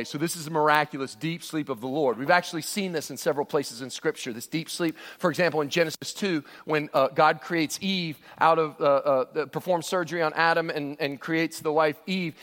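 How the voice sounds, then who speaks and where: An animated male pastor preaching verse by verse, his high voice leaping up and down as he acts out the people in the passage. The sound rings with a long reverb, as in a church sanctuary. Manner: animated, acts out scripture voices with big pitch jumps. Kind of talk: expository sermon.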